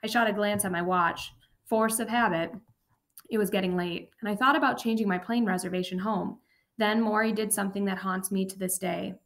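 A woman reading a first-person memoir aloud as an audiobook narrator, steady and even. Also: medium pitch, a little fast.

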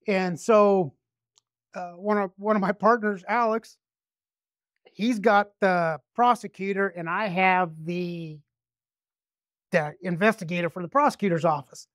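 A man's voice: sits high, a bit bright, dry recording, studio quality. A man detective telling a story casually, rambling, restarting often and swearing freely. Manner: rambling, with frequent restarts and profanity.

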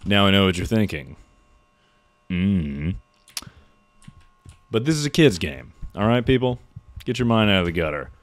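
A man's voice: low-pitched, big pitch swings, normal speed, long pauses. A young man streaming a horror game live, joking loosely and reading out chat. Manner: jokey, reacts to chat and thanks subscribers.

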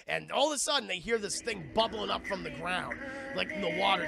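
Man, excitable livestream movie recap, profane, frequent restarts, very gravelly voice, high pitch. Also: fast, dry recording, studio quality, faint music behind. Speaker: streamer and movie reviewer. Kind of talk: casual livestream commentary.

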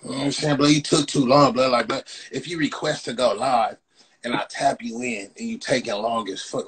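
A man hosting a phone livestream, loudly roasting and mocking his viewers with profane banter, tagging "blood" onto nearly every phrase. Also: medium pitch, fairly even intonation, fairly quick, slightly rough, poor audio. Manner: loud, mocking, repeats "blood" constantly. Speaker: livestream host. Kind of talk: profane Instagram live roast.

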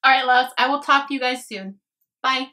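A bubbly young woman talks straight to her camera while trying on clothes, her voice sitting a little high. She keeps things loose and chatty, laughing easily and calling her viewers loves. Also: moderate pace, bright, forceful tone. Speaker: fashion vlogger. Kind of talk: casual try-on haul chat.

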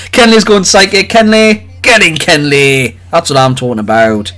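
A man hosting a live card-opening stream, chatting excitedly with viewers and calling out their names. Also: on the high side. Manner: excitable, jokey, rapid swings between loud cheers and quiet mutters. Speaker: livestream host opening trading cards.

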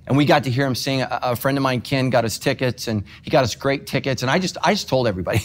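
A middle-aged man preaching as pastor, moving between quiet, heartfelt moments and self-deprecating humor. His delivery is conversational rather than formal, with an emotional pull. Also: mid-range voice, fast talker. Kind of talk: sermon.

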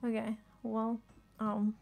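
A woman streaming a game live, chatting excitedly and swearing, sick with a headache. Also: a little high, creaky. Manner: excitable, swears often, laughs, trails off. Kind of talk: live gameplay commentary.

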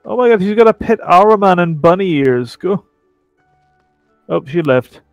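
A man's voice: high-pitched, lively intonation, normal speed, no room sound, lo-fi sound. A man giving casual, rambling game commentary with playfully sarcastic asides, with faint music behind. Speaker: let's play commentator.

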